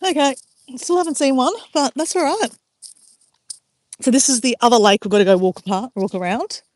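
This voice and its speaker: A woman's voice: sits high, a little fast, darkish tone, no echo. A middle-aged Australian woman chatting casually to viewers as she walks an outdoor track. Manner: chatty and rambling, talks while walking outdoors. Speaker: vlogger. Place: outdoor walking track by a river.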